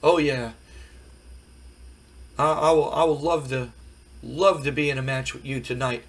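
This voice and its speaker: A hoarse man voicing a cocky, boastful male wrestler who taunts a rival. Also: medium pitch, steady tone, a little slow, fairly bright tone. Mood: smug.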